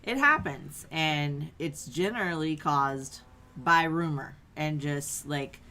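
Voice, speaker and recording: Low-voiced woman chatting casually. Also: slow pace. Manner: relaxed, hesitant with many fillers. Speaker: co-host. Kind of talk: casual livestream chat.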